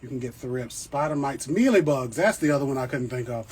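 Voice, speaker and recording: A man's voice: mid-range voice, expressive, a little fast, a little mellow, husky. A man, hosting a casual plant livestream, chatty and joking, often checking in with his viewers. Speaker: plant channel host. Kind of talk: casual livestream chat answering viewer questions. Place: home indoors with plants.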